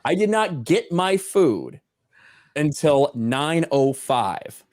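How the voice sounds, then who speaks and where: An American man telling an indignant, profanity-heavy story as a show co-host, loud and animated. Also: a little high, slow. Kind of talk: profane ranting anecdote.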